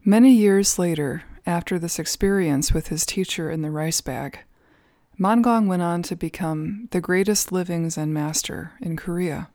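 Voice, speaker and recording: Woman narrator for a podcast story, calm and measured, lowish voice, dry close mic. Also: no room sound. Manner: calm, measured, with soft fillers. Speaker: storyteller at a Zen center.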